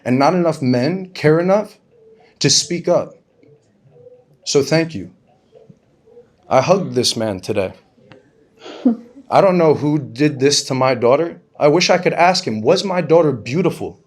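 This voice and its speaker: A man speaking as a grieving father, in an earnest, halting speech with repeated questions. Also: fairly high pitch, expressive. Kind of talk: emotional public speech.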